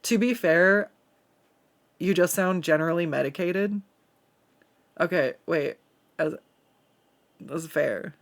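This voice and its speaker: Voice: mid-range voice, slow, long pauses. A streamer from the Pacific Northwest chatting casually while drawing and reading chat aloud, swearing freely and laughing often.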